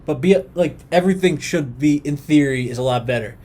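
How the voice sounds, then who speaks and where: A man's voice: a little high, brisk. A young man co-hosting a sports podcast, chatting casually and joking between points. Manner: joking, animated banter. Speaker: podcast co-host.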